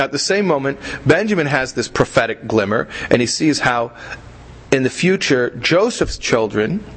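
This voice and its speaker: A man's voice: mid-range voice, fairly bright tone, poor audio. Conversational man teaching a Torah class. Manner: conversational, repeats himself, asks rhetorical questions. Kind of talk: religious class lecture.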